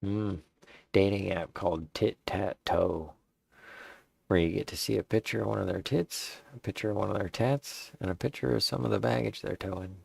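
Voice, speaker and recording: A man casually working out jokes in a deadpan way, stopping to rework punchlines. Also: lowish voice, normal speed, no room sound. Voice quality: gravelly, husky. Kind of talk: casual joke drafting.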